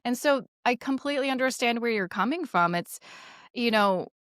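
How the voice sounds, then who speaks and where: A woman's voice: on the high side, animated, normal speed, fairly bright tone, dry recording, clean studio sound. A woman financial advisor, a guest in a casual conversation, talking in long, chatty, affirming stretches. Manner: chatty and affirming, telling stories in long runs.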